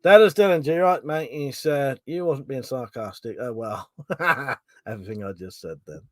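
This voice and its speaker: A man's voice: mid-range voice, moderate pace, no room sound. A man from England, hosting a casual livestream, reading out viewer comments, laughing often and swearing casually. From southern England. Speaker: livestream host.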